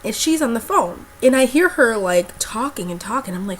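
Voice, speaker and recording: A woman's voice: a little high, lively intonation, normal speed, slight background noise. A young woman vlogger telling a personal story in a casual, blunt way, with lots of fillers and swearing.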